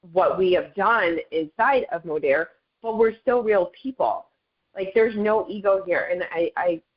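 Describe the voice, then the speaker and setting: A woman's voice: lowish voice, highs cut off. A woman sharing her story in a casual motivational talk on a group call, chatty and earnest, often speaking to listeners as "you guys". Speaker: network marketing leader sharing her story.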